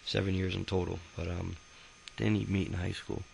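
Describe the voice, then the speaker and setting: A man's voice: sits low, flat delivery, normal speed, creaky, a little mellow, a little hiss or hum, rough recording. A young man telling his own life story in a casual, rambling, profane way, with many fillers and restarts. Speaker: autobiography narrator. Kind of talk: casual spoken memoir.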